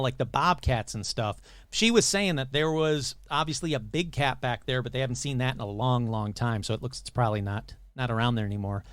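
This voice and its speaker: A man hosting a podcast, casually retelling a conversation in an animated way, quoting the people he met and using many fillers. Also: mid-range voice, dry recording, studio quality. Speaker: podcast host. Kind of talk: casual storytelling.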